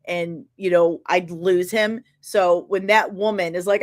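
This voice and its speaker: Woman, middle-aged, podcast co-host, animated, laughing, casual chat. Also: fairly low pitch, unhurried, hardly any pauses. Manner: animated storyteller, laughs often.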